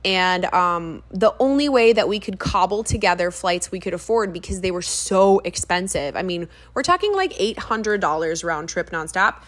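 A young woman who works as a fitness trainer, hosting a casual solo podcast with a chatty, animated manner and lots of ums and asides. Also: lowish voice, normal speed, few pauses. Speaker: podcast host.

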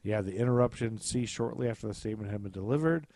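A man's voice: fairly low pitch, quick pace, warm tone, no echo. A man co-hosting a podcast, chatting casually and animatedly, swearing freely and trailing off with fillers. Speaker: podcast co-host. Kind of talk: casual chat.

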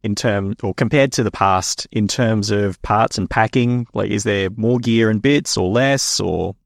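A man's voice: lowish voice, measured pace, creaky, dry recording, studio quality. A man, a motorsport interviewer asking chatty, jokey questions. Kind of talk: conversational interview.

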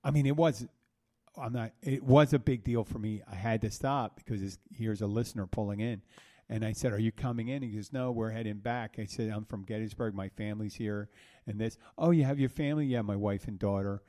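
Rambling bartender podcast host, low mellow voice. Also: male voice, fairly even intonation, brisk. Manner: rambling, self-correcting storyteller. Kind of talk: rambling solo monologue. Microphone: soundboard mic.

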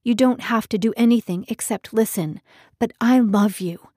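A woman's voice: a little high, moderate pace, dark tone, dry recording, clean studio sound, lightly acted. A woman voicing an earnest young man who pleads with the woman he loves, in an audiobook. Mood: pleading. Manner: pleading, insistent.

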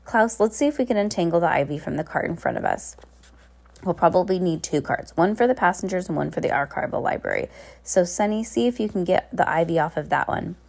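A woman's voice: fairly low pitch, animated, brisk, creaky, a little mellow. A woman reading as Violet, practical teen inventor girl. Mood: earnest. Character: resourceful eldest sister, teen girl inventor.

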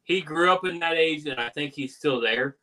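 A man's voice: a little high, moderate pace, pushed and bright, low-quality recording. A man co-hosting a casual sports podcast, emphatic and jokey. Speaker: podcast co-host.

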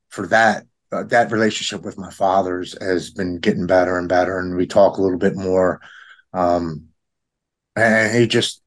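A man in his forties with a fairly low voice tells a personal story in casual conversation. He acts out each person he quotes by lifting his voice, and often stops to restart a sentence. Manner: storytelling, quotes others in a raised voice. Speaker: guest in recovery.

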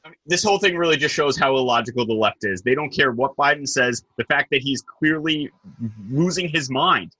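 A young man hosting a political talk show, speaking in an emphatic, scornful way with sharp peaks. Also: mid-range voice, fairly quick, slightly rough, no room sound, low-quality recording. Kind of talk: heated political chat.

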